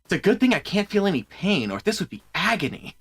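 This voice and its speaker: A man's voice: high voice, big pitch swings, quick pace, slightly rough, full character voice. A man voicing an unflappable male video game hero who cannot feel pain, in an offhand way. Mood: nonchalant.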